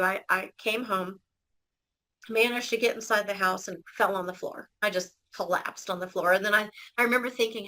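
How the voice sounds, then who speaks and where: Earnest bright-voiced woman telling her story. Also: on the high side, fairly even intonation, normal speed, low-quality recording. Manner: earnest and emotional, with frequent restarts. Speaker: interview guest. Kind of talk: personal story in a conversation.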